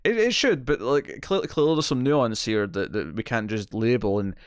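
A man's voice: medium pitch, animated, moderate pace, clean tone, dry recording, clean studio sound. A man co-hosting a casual film podcast, talking in a rambling way with many restarts. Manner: rambling, frequent restarts and repeated words. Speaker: podcast co-host. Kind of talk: casual movie review chat.

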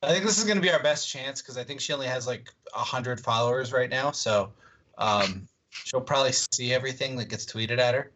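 A man's voice: mid-range voice, a little fast, sharp tone, dull audio. A man co-hosting a casual podcast, rambling and laughing a lot. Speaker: podcast co-host.

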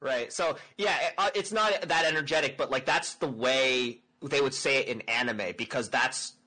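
Casual co-host, male, bright tone, animated, restarts sentences with repeated words. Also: medium pitch, normal speed, rough recording. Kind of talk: casual chat.

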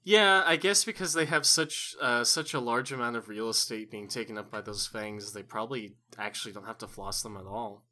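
A man with a bright, forward voice co-hosts a comedy podcast. He reads listener questions and riffs in loose, swear-heavy banter. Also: mid-range voice, a little fast, hardly any pauses. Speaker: podcast co-host. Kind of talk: casual comedic chat.

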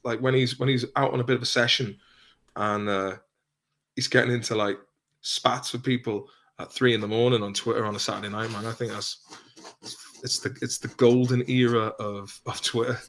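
A man's voice: medium pitch, fairly even intonation, normal speed, a bit bright. A man in casual podcast chat, rambling and swearing, often trailing off into mumbles.

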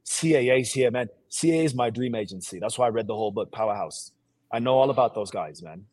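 A man's voice: medium pitch, expressive, fast talker, darkish tone, dry recording. A man from Sierra Leone speaking with a put-on English accent, an actor talking energetically and boastfully as a guest co-host. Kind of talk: casual interview chat.

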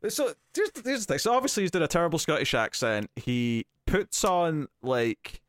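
A man co-hosting a podcast, chatting casually about a film and often pausing to restart his sentences. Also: fairly high pitch, sing-song, a bit bright, no echo, clean studio sound. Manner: rambling, hesitant, with frequent fillers and restarts. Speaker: podcast co-host. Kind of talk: casual film review chat.

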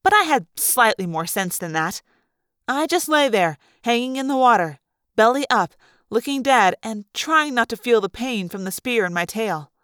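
A woman reads a first-person adventure story aloud for a fan-made audiobook. Her voice sits fairly high and comes across dry and close, with lively, dramatic storytelling. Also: normal speed, clean tone, dry recording. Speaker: audiobook reader. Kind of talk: expressive first-person book narration.

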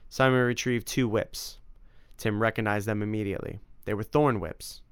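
Smooth low-voiced male narrator. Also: normal speed, no echo, studio quality. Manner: even, storytelling. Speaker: audiobook narrator. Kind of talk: scripted narration.

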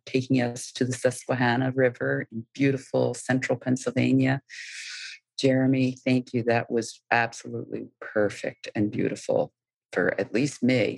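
Host wrapping up the show, gravelly voice, dry close mic. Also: female voice, a bass voice, a little mellow, no echo, rough recording. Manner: gushing and appreciative. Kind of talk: casual show wrap-up.

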